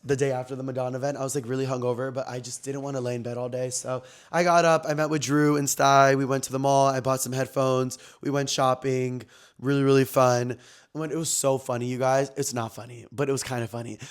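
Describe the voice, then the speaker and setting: A young man hosting his own podcast, telling gossipy stories in an animated, slangy, casual way. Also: mid-range voice, brisk. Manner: animated, chatty, heavy slang and "like" fillers. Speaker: podcast host.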